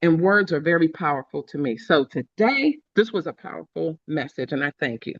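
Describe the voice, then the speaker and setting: A woman sharing her reflections on a group call in a measured way, with frequent pauses and ums. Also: sits low, animated, dry recording, dull audio. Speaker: call participant.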